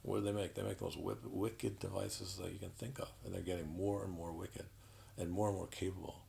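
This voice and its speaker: A man delivering an indignant, sarcastic political commentary monologue, halting with frequent restarts. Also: deep voice, level tone, gravelly, mellow, slight background noise, poor audio.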